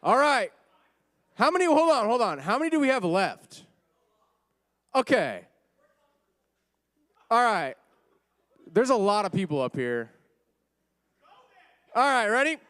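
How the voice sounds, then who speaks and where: A man hosting a party game for a church youth group, playful and teasing, now and then shouting over the room. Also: very high voice, big pitch swings, unhurried, long pauses.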